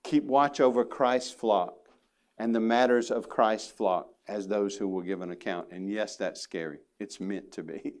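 A man's voice: lowish voice, a little slow. A man preaching a sermon to his congregation, earnest and emphatic, with casual asides. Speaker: pastor. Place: church sanctuary.

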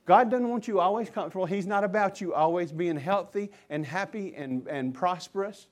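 A man preaching a sermon as pastor, impassioned and swinging between loud emphasis and hushed asides. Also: high-pitched, moderate pace.

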